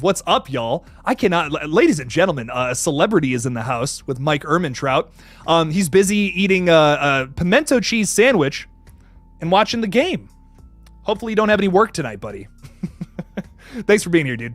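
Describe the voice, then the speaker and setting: A young man hosts a casual livestream, chatting with viewers in a high, bouncy voice that swings widely in pitch. He laughs a lot, restarts his sentences and curses casually. The sound is dry and close, with faint music behind him. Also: no room sound. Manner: excitable, laughs often, stammers and restarts, swears casually. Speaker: livestream host. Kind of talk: casual live chat reading viewer messages.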